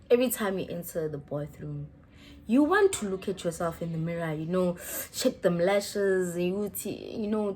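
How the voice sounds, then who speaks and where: Animated South African woman telling a story. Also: mid-range voice, a little hiss or hum. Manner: animated, slangy, mixing in Zulu-style phrases, laughing a lot. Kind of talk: casual storytime.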